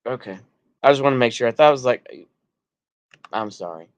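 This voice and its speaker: An American streamer with a Texan accent speaks in a medium-pitched, animated voice at a brisk pace, with no echo. Sounding somewhat drunk, he rambles through his livestream reacting to chat, restarting loosely and letting sentences trail off.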